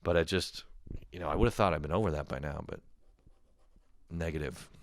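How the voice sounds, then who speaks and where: A man's voice: rumbling low, normal speed, no echo, studio quality. A man around thirty hosting his own show, ranting profanely and with exasperation, acting out imagined quotes along the way. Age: 30s. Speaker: podcast host. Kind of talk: comedic rant.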